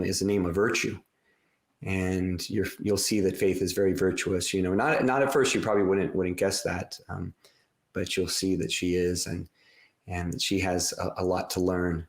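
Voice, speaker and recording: In an echoey room, a podcast host and author talks casually about his book in a low, gravelly voice. His speech rambles loosely, full of fillers and restarts.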